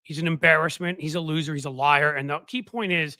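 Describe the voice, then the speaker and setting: A man's voice: a little high, steady tone, fairly quick, bright, forceful tone, no echo. A man hosting a political commentary stream in casual talk, mocking his target and quoting others in put-on voices.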